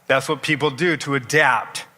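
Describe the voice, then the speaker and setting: A male presenter in a large expo hall runs an energetic live demo, coaching volunteers through exercises. He speaks at a moderate pace with fairly even intonation, his medium-pitched voice bright and forceful. The recording is echoey and made from a distance.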